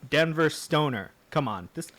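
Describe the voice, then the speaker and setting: A man's voice: a little high, lively intonation, moderate pace, fairly bright tone. A man hosting a podcast in casual chat, rambling, correcting himself and laughing easily. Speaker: podcast host.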